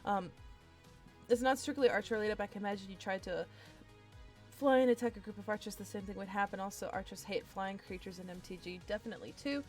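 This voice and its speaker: An excitable woman chatting to herself and her stream viewers while she builds a card game deck, with bursts of delight. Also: medium pitch, quick pace, soft background music. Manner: excitable, talks to herself while browsing cards. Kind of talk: casual live-stream deckbuilding chat.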